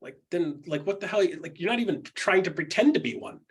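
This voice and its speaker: A man talks through coaching advice in a casual, punchy way. His voice sits somewhat high for a man and has a husky, breathy grain. He is emphatic and blunt, and he slips into quick put-on voices when he quotes people. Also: sing-song. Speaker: podcast host.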